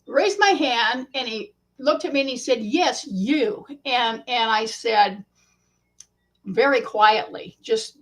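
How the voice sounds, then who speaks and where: A woman author, a guest in an interview, telling a story in a casual, animated way and acting out the quotes. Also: a little high, slow.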